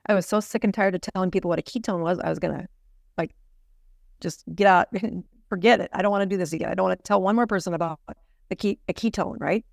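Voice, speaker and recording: A middle-aged woman, a physician and podcast guest, telling stories in an animated way and laughing often. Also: lowish voice, fast talker, gravelly, no room sound, clean studio sound. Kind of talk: storytelling in a podcast interview.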